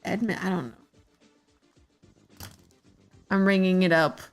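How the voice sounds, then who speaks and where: A woman's voice: fairly low pitch, takes it slowly, soft background music. A woman streamer chatting casually while she draws, rambling with many fillers and hesitations. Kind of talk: casual chat while drawing.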